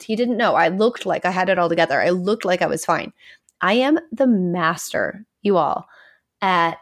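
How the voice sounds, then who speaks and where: Candid woman podcast host. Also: medium pitch. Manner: candid and conversational, dips to a near whisper for admissions. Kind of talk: casual solo podcast talk.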